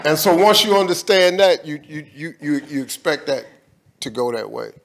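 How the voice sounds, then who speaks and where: A man's voice: on the high side, animated, normal speed, creaky, very noisy. A man speaking as a guest in an on-stage conversation, talking in an emphatic, colloquial way with preacher-like repetition.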